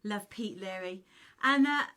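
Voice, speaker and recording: A woman's voice: mid-range voice, unhurried. A woman musician from Cornwall hosting a live stream, chatting casually, laughing often and reading out viewer messages. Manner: giggly, often breaks into laughter; reads out viewer messages warmly.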